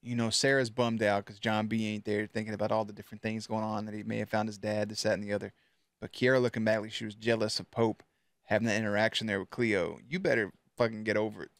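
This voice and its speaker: A man's voice: on the low side, flat delivery, quick pace, no room sound. A man hosting a reaction video, talking back to the screen in blunt, profane casual commentary.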